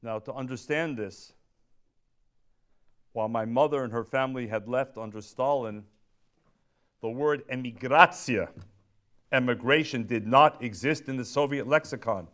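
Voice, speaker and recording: A man delivering a public speech as featured speaker, with measured pacing, deliberate pauses and emphatic stresses. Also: mid-range voice, a bit bright.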